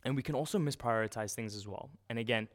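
A man preaching a sermon in a relaxed, conversational way, often restarting and using fillers. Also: medium pitch, fast.

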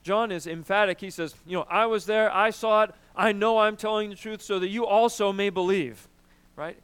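Male pastor delivering a sermon; higher pitched and resonant, emphatic and conversational. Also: normal speed. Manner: animated, emphatic preaching with frequent "right?" and throat clearing.

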